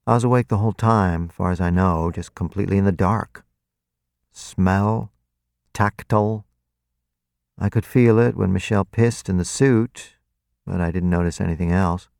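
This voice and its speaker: A man's voice: low-pitched, steady tone, moderate pace, creaky, a little mellow, clean tone, dry recording, studio quality. A man voicing a blunt, foul-mouthed woman with a lazy drawl. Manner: drawling, swearing.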